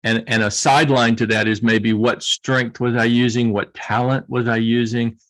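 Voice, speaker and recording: A man's voice: mid-range voice, level tone, normal speed, fairly bright tone. A middle-aged man with a Southern US accent, speaking as a guest coach in an earnest, reflective way and often restarting his phrases.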